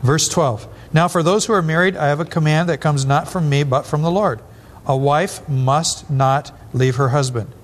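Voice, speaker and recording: A pastor in his seventies, his voice a little high, preaches a blunt sermon packed with personal stories. He tosses in quick asides and builds to rising emphasis.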